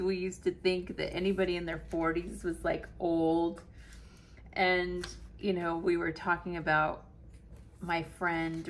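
A woman in her late forties talks to her viewers in a chatty, self-mocking way while she plans. Her voice sits a little low, and a faint hiss runs under the recording. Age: 40s. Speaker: planner vlogger. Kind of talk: casual chat to camera while planning.

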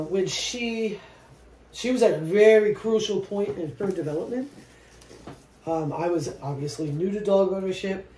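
A woman vlogger chatting casually while she paints, soft-spoken and reflective, often trailing off mid-sentence. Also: lowish voice. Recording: roomy echo with faint noise.

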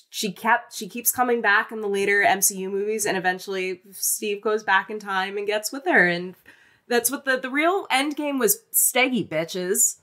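A woman co-hosting a podcast, chatting casually about a film in an animated, rambling way full of restarts. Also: mid-range voice. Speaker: podcast co-host. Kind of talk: casual film-review chat.

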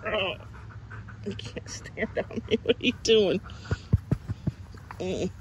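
A woman's voice: medium pitch, takes it slowly, slight background noise. A woman fostering dogs, talking casually and cooing coaxing baby talk to puppies in an outdoor yard. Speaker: dog foster carer.

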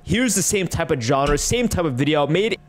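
A man's voice: on the high side, lively intonation, moderate pace, slight background noise. Mocking, profane man ranting. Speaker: online commentator. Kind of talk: ranting reaction commentary.

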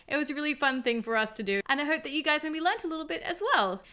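A young Australian woman coaching her husband through words, chatty and quick to laugh. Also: high voice, lively intonation, pushed and bright. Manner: bubbly, laughs often. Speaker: vlogger teaching her husband an accent. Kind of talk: casual teaching chat. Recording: roomy room echo with faint music.

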